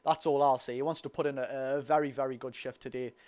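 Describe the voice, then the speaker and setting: A young man with a Geordie accent doing a live watch-along of a football match, chatty and excitable, talking to his viewers. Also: mid-range voice, fast. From North East England. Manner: excitable, chatty, talks to the chat and the lads. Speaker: football fan streamer.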